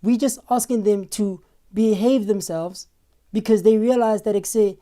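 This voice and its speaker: A young woman with a South African accent talks through a live stream in heated commentary, leaning hard on rhetorical questions and repeated points. Her tone is warm and mellow. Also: mid-range voice, normal speed. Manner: emphatic, rhetorical, animated. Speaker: livestream host.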